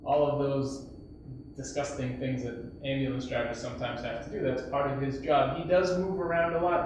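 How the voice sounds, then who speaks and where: A man teaching an English grammar lesson, explaining patiently and acting out shouted examples. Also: medium pitch. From United States. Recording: echoey, distant, dull lo-fi sound with faint hiss.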